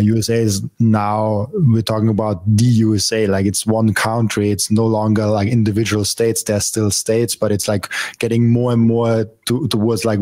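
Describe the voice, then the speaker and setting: Low-voiced Austrian man, flat delivery. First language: German. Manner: hesitant, many fillers and restarts. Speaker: podcast guest. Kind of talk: casual interview chat.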